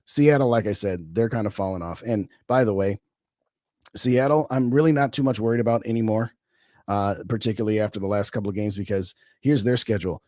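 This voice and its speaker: A man hosts a live sports podcast, talking in a loose, colloquial way. He reads out viewer comments and answers them with firm opinions. His voice sits a little low and sounds dry and close. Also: a little fast, a little mellow, no room sound. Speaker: podcast host. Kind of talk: casual live-stream sports talk.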